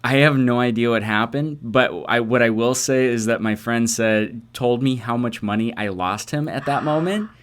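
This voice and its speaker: A man's voice: medium pitch, normal speed, hardly any pauses. A man co-hosting a comedy podcast, telling a self-deprecating story in casual chat with hesitant fillers. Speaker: podcast co-host.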